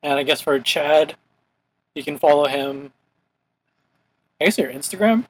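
A man's voice: fairly high pitch, unhurried, husky, rough recording. A young man from Hawaii hosting a casual podcast chat, rambling with lots of "like" fillers. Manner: rambling, heavy use of "like" as filler. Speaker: podcast host.

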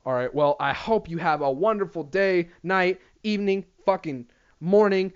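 A man's voice: high-pitched, moderate pace, clear, resonant tone, dull audio. A young man hosting a podcast alone, rambling through a crude comedy monologue, swearing freely and laughing at himself. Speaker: podcast host.

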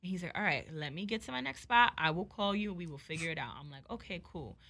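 A young woman telling a story in casual chat, animated and profane, acting out both sides of the dialogue. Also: lowish voice, quick pace, creaky.

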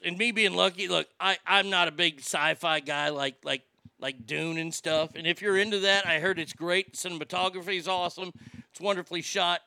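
A man's voice: high-pitched, creaky, pushed and bright, clear, resonant tone, no echo, studio quality. A man ranting casually and profanely about movies while reading out listener comments. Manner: swearing, exasperated ranting.

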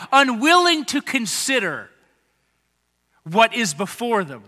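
A pastor preaching a sermon, animated and acting out the lines of people in the story he tells. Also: high voice, measured pace, pauses often. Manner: animated, acts out quoted voices of the crowds and leaders. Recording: long hall reverb.

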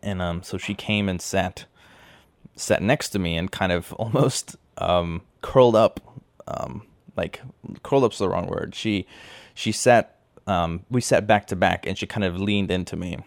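A man's voice: low voice, measured pace, gravelly, no echo. A young man casually telling a personal anecdote, rambling and correcting himself as he goes. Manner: rambling, self-correcting storyteller. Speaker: storyteller.

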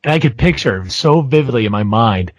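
A man's voice: medium pitch, lively intonation, a little fast, no room sound, highs cut off. A young man co-hosting a casual podcast, telling a story hesitantly, with many ums and restarts and a self-mocking tone. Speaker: podcast co-host.

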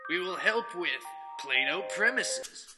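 A man's voice: lively intonation, takes it slowly, music in the background. Mock-earnest male ad announcer. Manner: mock-earnest pitchman delivery. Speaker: announcer in a parody ad. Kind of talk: comedic parody commercial voice-over.

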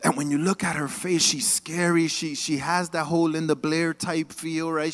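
A man with a high-pitched voice preaching in church. He moves between lively, almost sung emphasis and casual, joking asides, often calling on the congregation to answer back. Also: normal speed, hardly any pauses. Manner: animated, call-and-response with the congregation. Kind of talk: sermon.

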